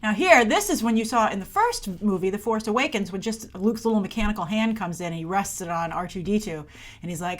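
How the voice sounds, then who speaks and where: A woman hosting a movie review show, chatting casually and sarcastically through a trailer breakdown and playing out characters' lines in quick asides. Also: mid-range voice.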